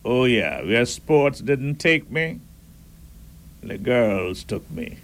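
A man hosting a radio talk show, reading listener messages and giving firm, measured opinions. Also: medium pitch, sing-song, a bit bright. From Caribbean.

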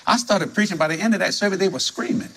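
A man from New preaching a sermon full of stories, animated and laughing as he talks, jumping to high exclamations. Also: fast talker, a little hiss or hum. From New Orleans.

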